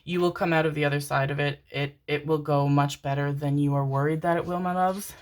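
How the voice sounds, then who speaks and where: A woman's voice: sits low, steady tone, a little fast. A woman giving a pick-a-card tarot reading, reassuring her listeners with pet names and the odd casual swear word. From Canada. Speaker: tarot reader.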